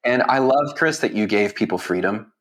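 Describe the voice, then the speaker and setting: A man's voice: lowish voice, lively intonation, moderate pace, a bit bright. A man interviewing a guest in a casual, enthusiastic way, peppering his talk with "like". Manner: enthusiastic, heavy use of "like" fillers.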